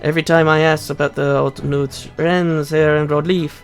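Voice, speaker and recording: A man's voice: a little high, level tone, normal speed, faint music behind, close to an everyday voice. A man voicing a flamboyant, fashion-obsessed video game courtier, putting on theatrical French flair. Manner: theatrical, sprinkling in mock French words.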